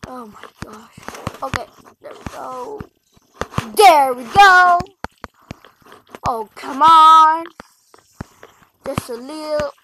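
A young gamer talking through a frustrating game, muttering and yelling in exasperation. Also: high-pitched, drawn-out words, long pauses, a little hiss or hum, rough recording. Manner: frustrated, exclaiming, mutters to self. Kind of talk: gaming commentary. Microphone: tablet mic.

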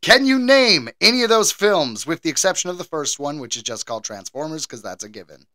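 An American man co-hosting a casual podcast, animated and quick to laugh as he runs a trivia game. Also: a little high, no room sound. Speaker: podcast co-host. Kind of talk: casual chat.

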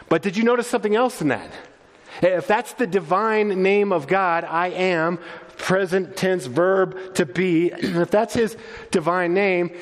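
A man's voice: on the high side, in a large hall. A man preaching a sermon as pastor, teaching earnestly and often restarting his words. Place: church sanctuary.

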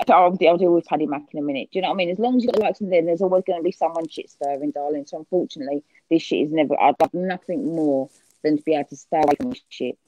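A woman's voice: low voice, very fast, mellow, dull audio, slight background noise. A woman hosting a casual livestream chat, swearing freely and calling people darling. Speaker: livestream host.

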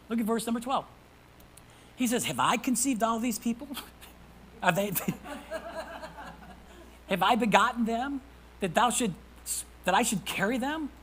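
A man preaching a sermon as pastor. He reads scripture aloud, calls out to the congregation for responses, and swings from hushed whispers to loud emphasis. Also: very high-pitched, a little hiss or hum, poor audio. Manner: reads scripture in old-fashioned wording.

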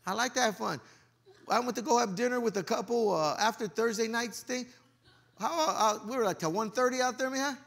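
Talking a little fast in a creaky voice, this male pastor gives a humorous, spirited sermon. Loud preaching gives way to muttered asides, and everyday slang slips in.

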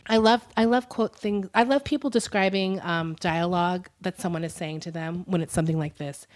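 A young adult woman co-hosting a true-crime podcast in a loose, chatty way. She giggles often and reads quotes aloud, with a voice that sits a touch low. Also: fairly quick, hardly any pauses, darkish tone. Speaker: podcast co-host. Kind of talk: casual true-crime chat.

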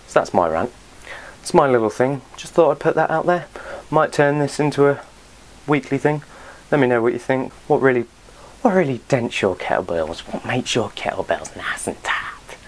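A man ranting to camera as a fitness vlogger, blunt and sweary, full of exasperation. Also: on the high side. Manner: blunt, sweary, exasperated, quotes people in other voices.

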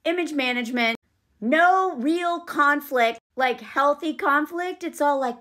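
A woman giving casual, sarcastic commentary on a movie scene, animated and quick to laugh. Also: high voice.

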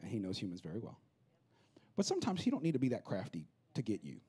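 A pastor preaching a lively, humorous sermon, acting out the people he quotes. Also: on the low side, quick pace, husky. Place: church auditorium.

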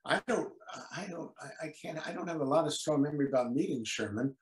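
A man's voice: fairly high pitch, expressive, fast talker, roomy sound, low-quality recording. An older man, a guest actor on a video call interview, talking hesitantly with lots of repeated words and apologies for his memory.

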